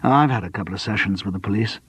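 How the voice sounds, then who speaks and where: A man's voice: lowish voice, fast, breathy edge. A man playing a wry, testy amateur sleuth. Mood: confiding.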